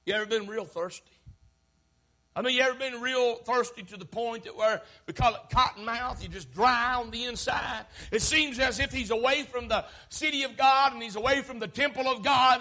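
A preacher delivers an impassioned sermon in a very high, bright, sharp voice. His delivery swells into shouts and then sinks back down low. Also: fairly quick.

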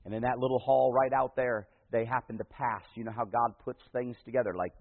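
Man, pastor, folksy sermon, loud then hushed, medium pitch, long hall echo. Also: steady tone, brisk, creaky. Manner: folksy storytelling preacher, swings from loud to hushed. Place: church. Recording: tinny phone-like radio broadcast in a big reverberant hall.

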